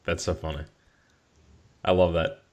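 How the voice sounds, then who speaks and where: A man with a fairly low voice hosts a casual podcast chat. He talks eagerly, laughs often and keeps restarting his sentences. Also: little pitch movement, unhurried, darkish tone. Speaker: podcast host.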